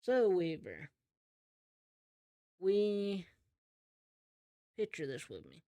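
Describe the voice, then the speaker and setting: A man running a tabletop game as game master, narrating in an easygoing, slow descriptive way. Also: high voice, sing-song, dark tone, no echo, lo-fi sound.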